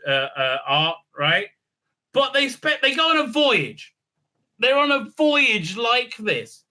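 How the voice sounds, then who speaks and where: A man delivers a mocking, profane comedy recap. His voice sits high and sounds very bright. He stumbles through frequent fillers as he jokes. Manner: sarcastic, crude, frequent fillers. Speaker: show host.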